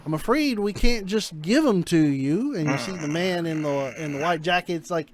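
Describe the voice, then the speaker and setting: A man runs a tabletop game in a chatty way, with plenty of fillers. His voice is high and moves a lot in pitch. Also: animated, normal speed, few pauses. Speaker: game master.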